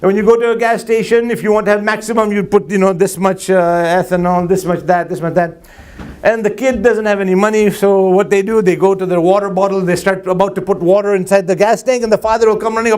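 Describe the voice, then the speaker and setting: Male preacher, high-pitched, animated storyteller who banters with his audience. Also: quick pace, hardly any pauses, clear, resonant tone. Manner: animated, jokes with audience, acts out dialogue. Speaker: Muslim preacher. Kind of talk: sermon with anecdotes. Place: mosque hall before a crowd.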